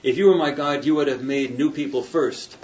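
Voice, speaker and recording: A man's voice: medium pitch, fairly quick, darkish tone, slight background noise, natural voice. A man reading a defiant young woman. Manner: read aloud from a novel. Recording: dull distant classroom recording.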